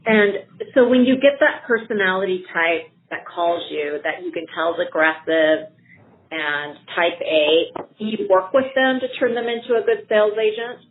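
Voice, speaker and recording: A woman's voice: medium pitch, normal speed, slight background noise. Woman hosting over a tinny phone line. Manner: brief encouraging interjections. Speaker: podcast host. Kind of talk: podcast interview.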